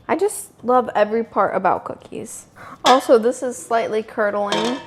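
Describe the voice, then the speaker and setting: A woman's voice: fairly high pitch, a little hiss or hum. Chatty young woman baking at home. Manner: chatty, self-amused, talks while working in the kitchen. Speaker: home baking video host. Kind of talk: casual cooking tutorial narration. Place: home kitchen.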